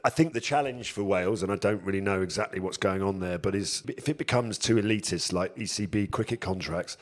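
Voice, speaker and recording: A man co-hosting a podcast, asking quick-fire questions in a relaxed, jokey way. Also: sits low. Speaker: podcast co-host. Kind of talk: casual quick-fire interview chat.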